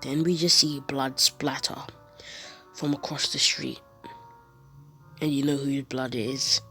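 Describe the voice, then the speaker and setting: Low-voiced stuffy-nosed woman narrating. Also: fairly even intonation, a little slow, bright, forceful tone, faint music behind. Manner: casual, half-whispered retelling. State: congested from a cold. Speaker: storyteller. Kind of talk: fan fiction voiceover narration.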